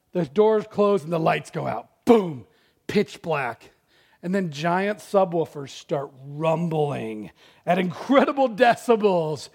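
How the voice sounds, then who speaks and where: Telling a personal story from the pulpit, a middle-aged pastor whose voice sits high lurches from loud outbursts to near-whispers.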